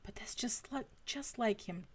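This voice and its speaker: A woman's voice: a little high, animated, a little slow, breathy edge, in a whisper, pitched above the performer's own voice. A woman voicing an exasperated female FBI agent, clipped and swearing under her breath, in a fanfiction reading. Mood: explaining.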